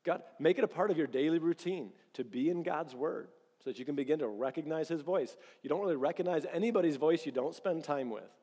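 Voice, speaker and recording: A man preaching a sermon as pastor, telling lively stories and acting out bits of dialogue. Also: fairly high pitch, a little fast, hardly any pauses, husky, big-room sound. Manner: animated storytelling, acts out quoted dialogue.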